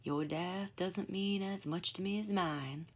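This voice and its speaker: A gruff, curt riverman of a storybook who hisses short commands over his shoulder, as a woman reader plays him. The voice sits low and husky. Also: measured pace. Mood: hushed warning.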